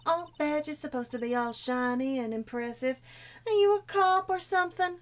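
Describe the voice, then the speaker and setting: A woman's voice: medium pitch, sing-song, normal speed, a bit bright, voice pushed down. A woman voicing a brash, feisty southern woman photographer with an exaggerated drawl, reading game dialogue aloud. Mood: gruff suspicious.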